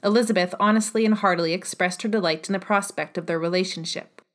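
A woman reading a classic novel aloud as an audiobook narrator, even and measured. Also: on the low side.

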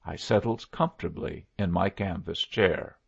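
A man reading a first-person story aloud as an audiobook narrator, in a gravelly voice. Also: low-pitched, normal speed, dull audio.

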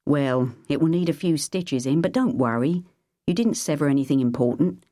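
A man's voice: fairly high pitch, normal speed, dark tone, no room sound, clean studio sound, close to an everyday voice. A woman voicing a breezy young male nurse. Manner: light, falsely jocular. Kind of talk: audiobook character voice.

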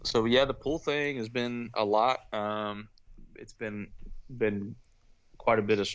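Halting low-voiced man, muffled sound. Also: fairly even intonation, clear, resonant tone. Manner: halting, many fillers and restarts. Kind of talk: casual chat.

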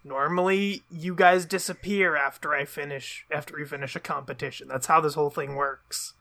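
A man's voice: on the high side, steady tone, normal speed, creaky, pushed and bright, dry recording, clean studio sound. A man voicing a chatty little flame creature. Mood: casual.

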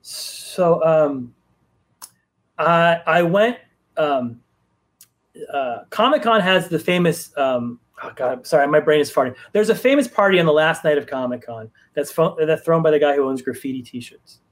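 A man's voice: a little high, expressive, unhurried. A man, a comic book writer, telling a long anecdote in a casual chat, with lots of restarts and fillers. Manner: rambling, many restarts and fillers. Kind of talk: casual storytelling on a live stream.

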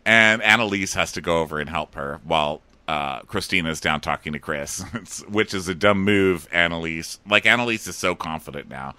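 A man co-hosting a casual recap chat, often laughing and mimicking people in high mocking voices. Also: normal speed, few pauses, pushed and bright, smooth, no echo. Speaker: podcast co-host.

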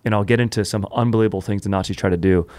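A man hosting a comedy podcast, telling a history story in an animated, joking way full of puns. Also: fairly low pitch, racing. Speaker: podcast host.

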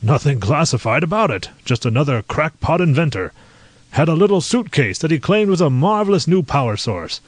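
A man's voice: on the high side, very animated, brisk, no room sound, voice pushed up. A man voicing a jovial, dismissive male army colonel who talks in a breezy, offhand way.

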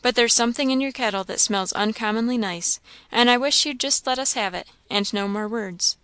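A woman voicing a gruff, plain-spoken country farmhand man with rustic, drawling speech. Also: on the high side, brisk, fairly bright tone, no room sound, natural voice. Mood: firm.

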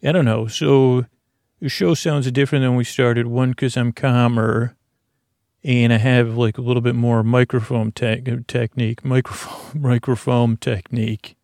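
Creaky, rambling male podcast host. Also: mid-range voice, flat delivery, unhurried, no echo, studio quality. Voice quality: creaky, gravelly voice. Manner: rambling and soft-spoken, with many fillers and restarts. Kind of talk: slow, meandering podcast talk. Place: home studio in an apartment. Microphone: prosumer podcast microphone.

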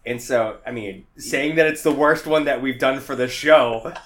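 It's a casual movie-review chat from a male podcast co-host, loaded with fillers, tangents and laughter. He speaks at a moderate pace in a medium-pitched, fairly bright voice.

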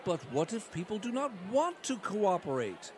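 A man's voice: high-pitched, sing-song, moderate pace, background noise. A man doing a pompous cat news anchor. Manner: mock-formal news delivery.

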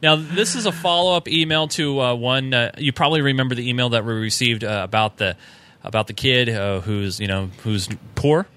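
A man's voice: medium pitch, fairly quick, bright, forceful tone. A man co-hosting a casual podcast, reading listener emails aloud with fillers and small chuckles.

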